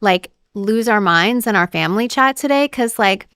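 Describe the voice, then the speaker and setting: A woman's voice: mid-range voice, expressive, moderate pace, a bit bright, clean tone, no room sound, clean studio sound. A woman in her forties, a guest on an interview show, telling stories in casual chat with lots of "like" fillers and acted-out quotes. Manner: chatty storyteller, many "like" fillers, acts out quotes.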